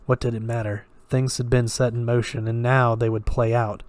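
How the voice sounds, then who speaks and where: A man reading a dark thriller story aloud in a steady, even storytelling manner. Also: medium pitch, normal speed, dry recording. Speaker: story reader. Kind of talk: audiobook-style story reading.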